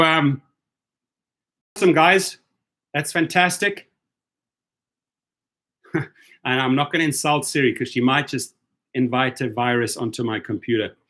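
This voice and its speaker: A man's voice: mid-range voice, fairly bright tone. A man hosting a casual live stream for drivers, upbeat and chatty, greeting viewers by name.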